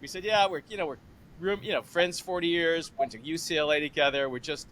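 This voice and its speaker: A man in his sixties hosting a podcast interview, chatty and animated, acting out conversations as he retells them. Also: a little high, brisk. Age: 60s. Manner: animated, retells phone calls with lively imitated voices. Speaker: podcast host. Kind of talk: casual interview.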